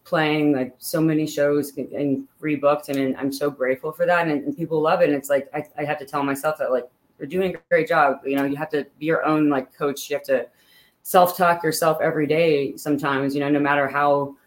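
A woman's voice: deep voice, steady tone, a little fast, rough recording. A woman singer-songwriter from Pittsburgh, a guest in a casual interview, talking earnestly and upbeat with many fillers. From Pittsburgh, Pennsylvania.

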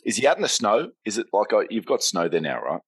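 An Irish man co-hosting a podcast, teasing the others in quick, witty casual chat. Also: fairly low pitch, sing-song, husky. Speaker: podcast co-host.

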